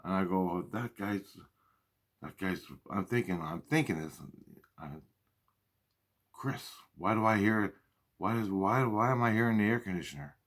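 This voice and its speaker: Low-voiced man, profane rambling talk. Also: a little slow, long pauses, a bit bright. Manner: profane, repetitive, restarts often. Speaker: vlogger. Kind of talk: rambling spoken monologue.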